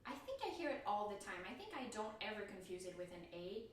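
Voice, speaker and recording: A chatty woman whose first language is French talks through her learning in a loose, self-deprecating way, with a voice of middling pitch. She sits some way from the mic in a strongly echoing room. A faint background hiss runs underneath. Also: sing-song, quick pace. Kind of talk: casual explanatory vlog talk. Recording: very echoey room, distant mic, faint noise.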